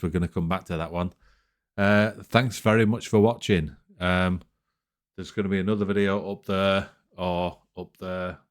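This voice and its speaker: Male reaction host, very low voice, relaxed chatty sign-off style. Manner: relaxed, chatty, addresses viewers directly. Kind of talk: casual reaction chat.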